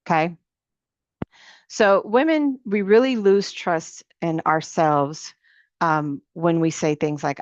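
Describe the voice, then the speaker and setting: Lower-voiced woman giving a faith talk. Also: slow, dry recording. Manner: conversational, repeats key phrases, acts out inner thoughts. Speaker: ministry coach. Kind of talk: faith-based teaching talk. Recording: dry, dull lo-fi sound.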